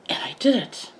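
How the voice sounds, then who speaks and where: Talking casually to the camera, an older plant vlogger wanders through her thoughts with many asides and corrections of herself. The audio is poor.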